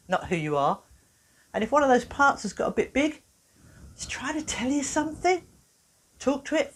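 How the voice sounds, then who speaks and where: A woman with a lively storytelling manner, a therapist giving a workshop talk who acts out the people in her stories. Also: medium pitch. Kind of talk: animated talk to an audience.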